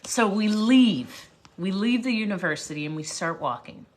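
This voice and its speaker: A woman speaker telling a personal story on a livestream, lively and full of asides to viewers. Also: medium pitch, normal speed, a little hiss or hum. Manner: animated, jumps around, greets viewers. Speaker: motivational speaker, livestream host.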